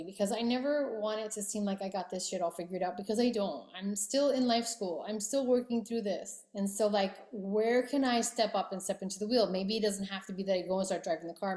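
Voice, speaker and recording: A woman's voice: mid-range voice, a little fast, darkish tone, echoey room. A woman hosting a podcast, talking candidly and reflectively about her dreams, and saying she is getting emotional. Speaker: podcast host. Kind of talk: reflective personal podcast talk.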